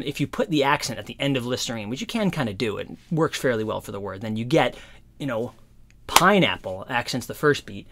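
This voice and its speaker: A man giving a casual guitar lesson, explaining in a relaxed, rambling way with lots of fillers. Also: medium pitch, background noise. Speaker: guitar teacher. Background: guitar playing.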